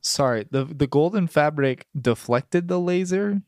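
A man's voice: fairly high pitch, expressive, measured pace, a little mellow, no echo, studio quality. A man playing a tabletop game in a playful, jokey way. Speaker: player.

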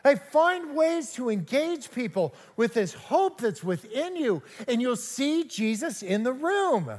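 An older man giving an animated, jokey storytelling sermon at a church service. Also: extremely high pitch, takes it slowly. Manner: animated, jokey, acts out quoted exchanges. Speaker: guest speaker at a church service. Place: large church sanctuary. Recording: long hall reverb.

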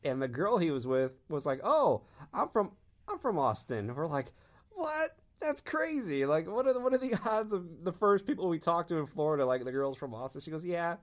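A man from Texas telling fan anecdotes in casual chat, animated and laughing often as he acts out quotes. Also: fairly high pitch, fast, hardly any pauses.

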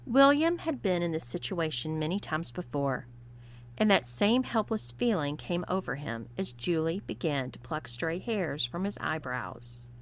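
A woman narrating a story, reading expressively and at a measured pace. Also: fairly low pitch, lively intonation, a little hiss or hum.

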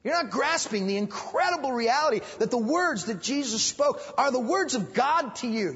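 A man's voice: extremely high pitch, expressive, normal speed, few pauses, a bit bright, slightly rough. A man pastor teaching Sunday school in an emphatic preaching style, repeating phrases and raising his voice to stress points. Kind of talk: sermon. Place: church hall. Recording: dull recording with long hall reverb.

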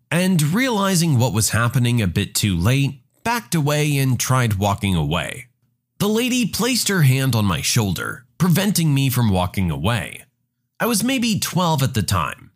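A male narrator telling a scripted first-person story. His delivery is dry and mocking, and his voice sits at an average pitch. It rises and falls in very wide, lively swings.

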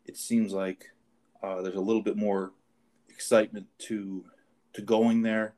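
A man with a fairly low voice hosts a casual horse racing talk show. He talks in a halting way, stacking fillers and restarting his sentences as he goes through the card. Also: flat delivery, dark tone. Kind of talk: casual chat.

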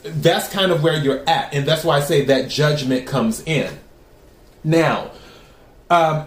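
A man giving a tarot reading to his viewers. He talks in a calm, even way and asks the cards the same question again and again. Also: medium pitch, echoey room. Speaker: tarot reader.

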